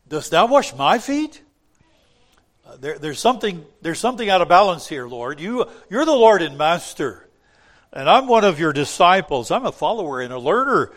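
Older guy preaching, earnest, drops soft then gets loud and emphatic. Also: on the high side. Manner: earnest, swings from soft to emphatic when quoting scripture. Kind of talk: sermon.

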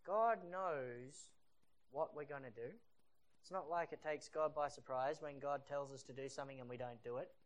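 A preacher giving a sermon in a lively storytelling style, acting out the scenes. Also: mid-range voice, normal speed. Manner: animated storytelling that acts out the scenes.

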